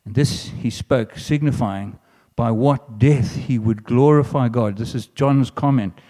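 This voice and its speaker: A man's voice: mid-range voice, measured pace, warm tone. A man preaching a sermon in an earnest way, often restarting phrases and lifting his voice for emphatic quoted lines. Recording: long hall reverb.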